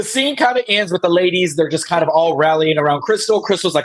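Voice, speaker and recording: A man's voice: extremely high pitch, fast talker, few pauses. A man hosting a casual recap, acting out quotes with laughs. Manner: animated storytelling, acts out quotes with laughs. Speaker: podcast host.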